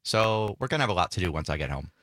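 Stuffy-nosed young man, bright voice. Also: sits low, lively intonation, racing, no room sound, studio quality. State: stuffy nose. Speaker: radio co-host. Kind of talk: casual radio talk.

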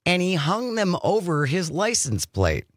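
A woman's voice: fairly low pitch, sing-song, a little slow, no room sound. A woman hosting a radio talk show, chatting casually and reading news items aloud in a studio. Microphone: studio microphone.

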